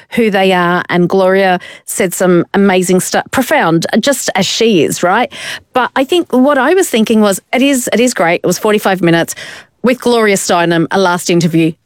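A woman's voice: medium pitch, no room sound. A woman presenting a casual culture chat, chatty with frequent restarts. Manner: chatty, restarts, rising asides.

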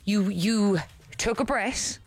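A woman co-hosting breakfast radio, chatty and upbeat, quick to laugh. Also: mid-range voice, no echo. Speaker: radio co-host. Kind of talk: lively breakfast radio banter.

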